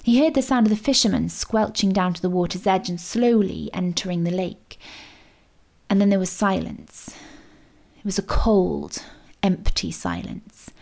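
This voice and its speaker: A woman reading a children's storybook aloud, with expressive, suspenseful narration. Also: on the low side, gravelly.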